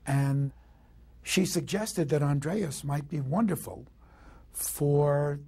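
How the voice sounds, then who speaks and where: A man's voice: a little high, takes it slowly, dark tone, husky. A man who directed the film, recalling its making in a dry, matter-of-fact interview. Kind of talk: interview recollection.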